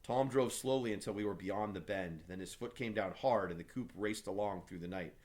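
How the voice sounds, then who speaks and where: A man, a teacher, reading a novel aloud for his class with steady, measured delivery. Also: on the low side.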